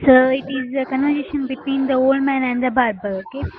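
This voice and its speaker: A young woman speaks haltingly, stopping often for fillers. Her voice sits high. It comes through a thin, phone-like line with faint noise. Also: fairly even intonation. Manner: hesitant, many fillers. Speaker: participant.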